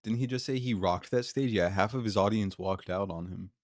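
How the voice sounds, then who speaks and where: A man's voice: on the low side, brisk, a little mellow, dry recording, studio quality. A man streaming live, reacting to a clip with exasperated, mocking, profane commentary.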